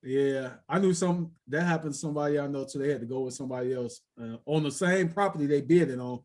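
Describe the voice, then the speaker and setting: A man's voice: on the high side, fast, a little mellow. Laid-back slangy male podcast host. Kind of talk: casual interview chat.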